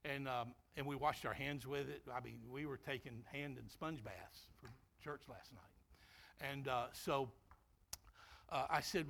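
A man, a pastor, preaching a sermon and shifting into a quiet storytelling tone for a personal anecdote. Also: mid-range voice, measured pace, gravelly, pauses often.

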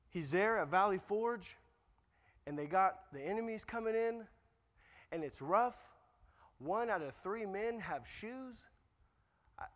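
A young man preaches in a high, lively voice, slipping in jokes and hammering home repeated lines. His words ring out with a long reverb from the hall. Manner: joking asides, repeats key lines. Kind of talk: sermon.

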